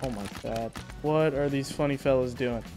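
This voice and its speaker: A man's voice: mid-range voice, fairly even intonation, moderate pace, over music. A young man giving casual gameplay commentary, laid-back and joking, with a self-mocking tone. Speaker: gaming video host.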